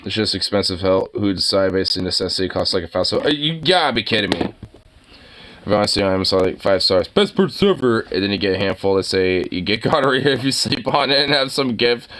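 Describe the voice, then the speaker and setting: A man hosting a casual livestream, talking excitably, swearing and laughing often. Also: lowish voice, brisk, slight background noise. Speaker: livestream host.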